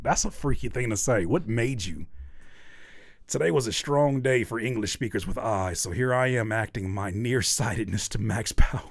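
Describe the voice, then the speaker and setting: A man's voice: mid-range voice, moderate pace, vocal fry, no room sound, studio quality. A man hosting a livestream, chatting casually as he reads the chat and teases his viewers with mock scolding. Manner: animated, teasing, mock-scolding. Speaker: livestream host reading chat.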